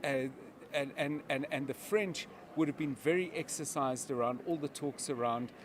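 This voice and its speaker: A male media analyst talks through the news on a live broadcast, steady and explanatory, backing his points with examples. His voice sits a little on the high side for a man. Faint outdoor city noise with passing vehicles runs underneath. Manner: measured, explanatory, uses examples.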